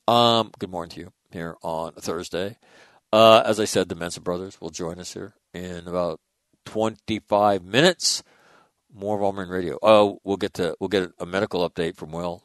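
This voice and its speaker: A man's voice: lowish voice, no room sound, clean studio sound. A man hosting a talk radio show, speaking bluntly and emphatically, with swearing and frequent restarts. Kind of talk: casual talk radio commentary.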